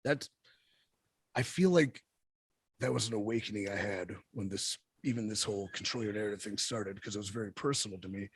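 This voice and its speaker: A man's voice: lowish voice, fairly quick, husky, no echo. A man, a wrestler guest, telling stories in a casual interview, blunt and profane. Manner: blunt, profane, animated storyteller.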